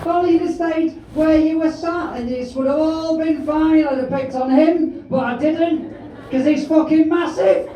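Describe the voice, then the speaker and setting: A man hosting a stand-up show, teasing the audience in a brash, sweary, shouting way during crowd work. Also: extremely high pitch, steady tone, a little slow, muffled recording. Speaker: comedy host and compere. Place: large comedy auditorium with live audience. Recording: echoey hall, distant mic, crowd noise.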